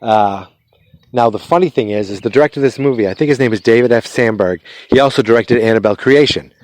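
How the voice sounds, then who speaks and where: A man of middle pitch talks through a film's story in a relaxed, meandering way. He stops, restarts and fills gaps with ums as he goes. The sound is dry, with no room around him. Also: fast talker, dry recording. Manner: rambling, loose retelling with many fillers and restarts. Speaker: podcast host. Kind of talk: casual movie recap.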